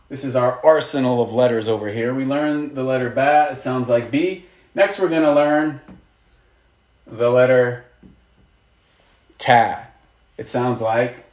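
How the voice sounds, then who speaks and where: A man's voice: on the high side, darkish tone, reverberant. A man teaching a live online lesson, patient and encouraging, asking students questions and praising their answers. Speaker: Arabic teacher.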